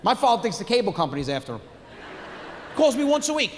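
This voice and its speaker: Young male stand-up comic, brash storyteller, high voice, reverberant theater stage mic. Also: quick pace. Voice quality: brash storytelling, animated punchlines. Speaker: stand-up comedian. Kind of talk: stand-up comedy set. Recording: stage mic in a hall with long reverb, faint noise.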